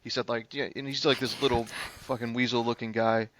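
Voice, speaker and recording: A man, a public defender, telling a courtroom story on a podcast in an animated, profane, casual way. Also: medium pitch, noisy background. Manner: animated, profane, fast-moving anecdote. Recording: slightly dull lo-fi sound.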